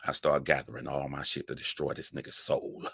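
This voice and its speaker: A man telling a profane comic story, animated and laughing, jumping up in pitch for emphasis. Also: brisk, creaky, breathy edge, dry recording, studio quality. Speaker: comedic storyteller.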